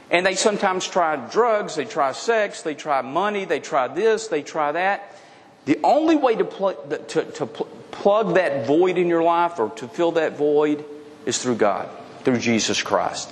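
A man's voice: fairly high pitch, lively intonation, unhurried, big-room sound. A man preaching an expository sermon, emphatic and repetitive, sometimes restarting his phrases. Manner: emphatic, repeats key phrases, frequent restarts. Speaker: pastor.

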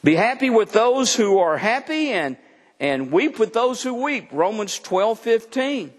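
A man's voice: sits high, a little slow. Folksy male pastor in a reverberant hall. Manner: conversational, folksy, animated with laughs. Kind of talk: sermon.

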